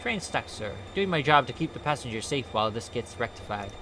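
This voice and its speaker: A man's voice: medium pitch, big pitch swings, a little fast, noisy background. A man voicing a polite, formal male ghost train conductor who calls everyone sir, while reading a game aloud. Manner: stiffly courteous, says sir constantly.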